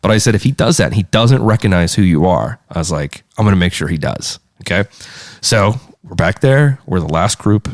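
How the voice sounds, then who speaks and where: A man's voice: low-pitched, a little fast, dry recording. A man from Pittsburgh in the United States, a podcast guest, telling a story in a casual way, acting out the people he quotes and swearing freely. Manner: animated, acts out quoted voices, swears freely.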